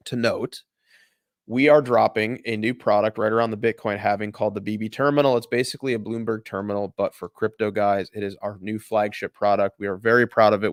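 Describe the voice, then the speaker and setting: A man hosting a daily market livestream, signing off and pitching the channel's premium membership in an upbeat promotional way. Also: dry recording, clean studio sound. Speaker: show host.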